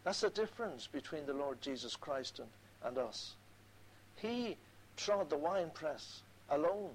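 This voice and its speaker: A man's voice: a little high, animated, unhurried, slight background noise, low-quality recording. A man preaching a sermon, earnestly quoting scripture and repeating key phrases for emphasis.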